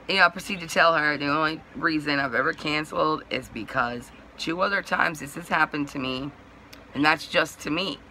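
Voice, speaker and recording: A woman vlogger with a hoarse, fraying voice talks her way through a long story in a casual, rambling manner. Her tone is very bright and edgy, and she laughs at herself along the way. Faint hiss sits under the recording. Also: low voice. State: hoarse, voice going out.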